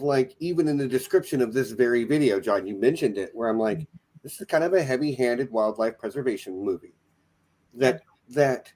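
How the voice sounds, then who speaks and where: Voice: mid-range voice, mellow. A podcast co-host chatting casually about a film, with playful asides. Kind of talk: casual film review chat.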